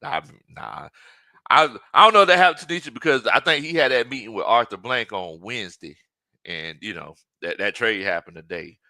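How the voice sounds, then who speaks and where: A man hosting a sports talk show, joking in an animated, casual way and mimicking players. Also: medium pitch, fairly quick, dry recording.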